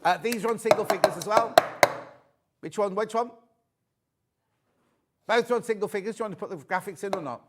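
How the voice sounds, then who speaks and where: A man's voice: high voice, brisk, long pauses, very noisy. A man presenting on a live shopping channel, chatty and rambling with joking asides.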